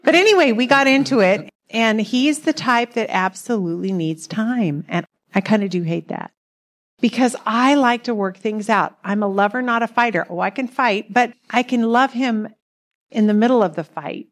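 A woman's voice: on the high side, moderate pace. A middle-aged woman telling a personal marriage story in a chatty way, laughing often. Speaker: co-host speaking about marriage. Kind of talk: casual storytelling talk.

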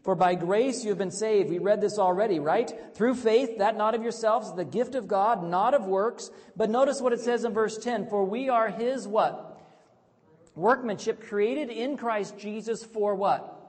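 A fairly high-voiced man preaching to a gathering at tables. He drops to a soft, intimate tone, then rises to loud, emphatic calls, and puts questions to the room. A long reverb trails his words through the hall. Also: measured pace. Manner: swings from quiet and intimate to loud and emphatic, asks the audience questions. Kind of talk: evangelistic sermon.

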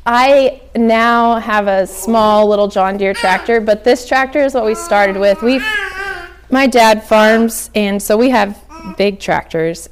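A woman's voice: mid-range voice, slight background noise. A young woman from Oklahoma giving a casual workshop talk on flower farming, chatty with many ums and likes.

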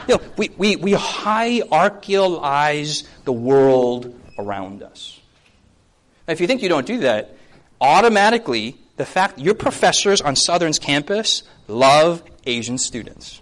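Animated high-voiced pastor in his thirties. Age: 30s. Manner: animated, asks the audience yes or no, acts out quick voices. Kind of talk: lively sermon to a congregation.

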